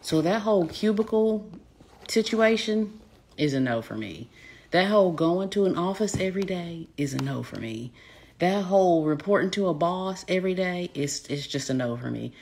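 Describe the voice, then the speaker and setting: A woman with a Southern accent, a business coach chatting casually with live viewers in a smooth, folksy way, saying y'all a lot. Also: lowish voice, lively intonation, moderate pace, a little mellow. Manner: folksy, says y'all often, smooth delivery.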